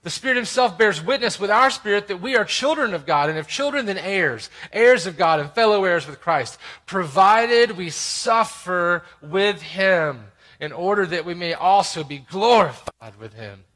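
A man preaching a sermon, swinging between loud exclamations and quiet, intimate asides. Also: high-pitched, animated, moderate pace, few pauses. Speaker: pastor.

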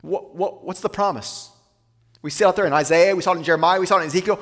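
A man preaching a sermon, asking rhetorical questions and slowing down to read scripture aloud. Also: sits high, a bit bright, long reverb tail. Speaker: pastor.

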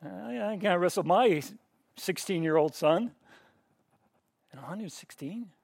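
A man's voice: high-pitched, expressive, unhurried, vocal fry, a little mellow, breathy edge, dry recording. A middle-aged man teaching a Bible class in a conversational way, asking the students questions and often restarting his sentences.

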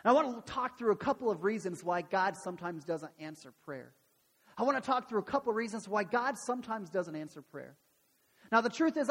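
Husky-voiced preacher in a reverberant hall. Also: male voice, high voice, a bit bright. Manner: earnest, asks rhetorical questions, repeats phrases. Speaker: pastor. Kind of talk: sermon.

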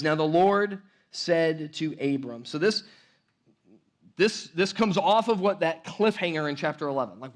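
Chatty, fairly high-voiced male preacher. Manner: conversational, rambling with restarts and "like, right?". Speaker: pastor. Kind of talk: sermon.

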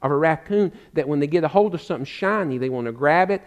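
A man's voice: fairly high pitch, quick pace, dull audio. Fervent preacher man. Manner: fervent preaching, repeats words for emphasis, addresses listeners as friend; shifts to relaxed storytelling with fillers. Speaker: pastor. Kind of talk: sermon.

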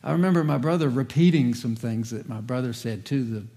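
A man's voice: medium pitch, brisk, warm tone. Man preaching in a conversational sermon. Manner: conversational preaching with asides and humor. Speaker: pastor.

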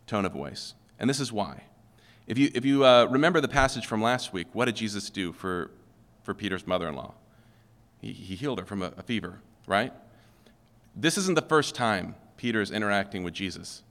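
A man's voice: mid-range voice, animated, moderate pace, fairly bright tone. Conversational preacher man in a reverberant hall. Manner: conversational, checks in with "okay?", asks the room questions. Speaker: pastor. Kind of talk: sermon.

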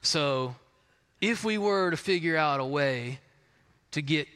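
A man preaching puts on the voice of a puzzled older man who asks halting, confused questions. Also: fairly high pitch, lively intonation, bright, forceful tone, clear, resonant tone, heavily acted. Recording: long hall reverb.

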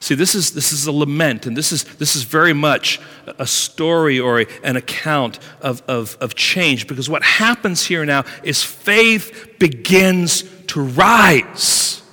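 A man preaching a sermon as pastor, swinging between hushed lines and loud, emphatic ones. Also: fairly high pitch, a little slow, few pauses, big-room sound.

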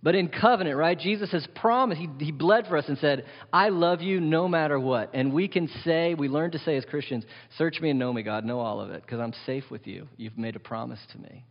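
A man preaching a sermon as pastor, animated and wry, asking the congregation questions. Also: fairly high pitch, fairly quick, few pauses, long reverb tail, muffled recording. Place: church hall.

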